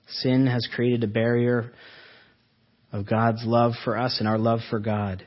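Husky-voiced man preaching earnestly. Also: on the low side, little pitch movement, lo-fi sound. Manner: earnest, asks rhetorical questions, slows for emphasis. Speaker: pastor. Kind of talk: sermon.

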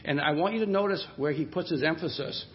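A pastor preaching a sermon in a conversational way, thinking aloud and restarting sentences. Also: male voice, a little high, quick pace, highs cut off, slight background noise. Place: church sanctuary.

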